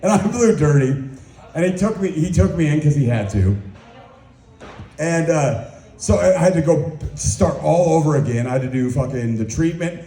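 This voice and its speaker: Stand-up comic, young man, rambling and crude, mellow tone, roomy club sound. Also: a little high, lively intonation, normal speed. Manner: crude, rambling, self-mocking storytelling. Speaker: stand-up comedian. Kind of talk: stand-up set.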